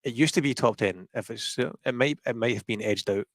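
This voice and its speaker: A Scottish man with a softened Glasgow accent, chatting casually and rambling with restarts while commenting on a film. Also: medium pitch, fairly quick, dry recording. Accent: Glaswegian, softened. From Scotland. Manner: rambling, restarts, self-deprecating. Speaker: guest commentator. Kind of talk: casual watch-party chat.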